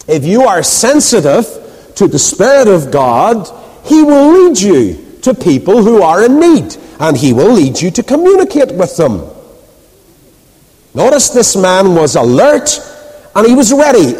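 A man's voice: high-pitched, husky. A man preaching a sermon, telling stories and asking rhetorical questions. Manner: animated storytelling, rhetorical questions, acts out quoted voices. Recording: reverberant hall.

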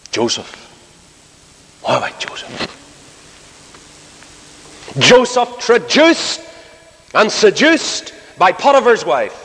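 A man preaching a sermon dramatically, acting out the voices of biblical figures and swinging from loud pleading to hushed, low tones. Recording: long hall reverb.

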